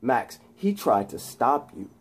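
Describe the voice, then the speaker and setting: A man voicing an unseen, manipulative male voice that softly coaxes and persuades. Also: mid-range voice, sing-song, takes it slowly, slightly rough, full character voice. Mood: coaxing. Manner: soft, coaxing, persuasive.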